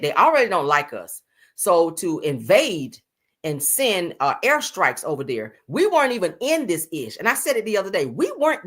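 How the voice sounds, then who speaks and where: A woman's voice: fairly low pitch, fairly bright tone, slightly rough. A woman from the US giving blunt, profane, sassy live-stream commentary, full of emphatic repeats.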